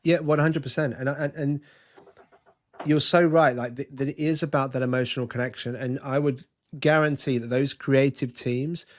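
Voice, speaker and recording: A man's voice: medium pitch, fairly even intonation, normal speed. A man, a podcast guest talking earnestly and telling an anecdote, with frequent restarts. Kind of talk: conversational interview, storytelling.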